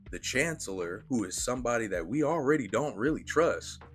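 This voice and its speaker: A man giving a casual, slangy and profane film review, retelling scenes with animated energy. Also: mid-range voice, a little fast, soft background music.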